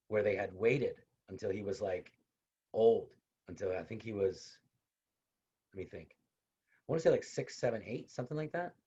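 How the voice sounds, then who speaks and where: A man's voice: lowish voice, dark tone, breathy edge. A man teaching a casual online university lecture, talking conversationally, repeating his points and adding personal asides. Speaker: university instructor. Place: online video class. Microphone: video call. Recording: dull lo-fi video call audio.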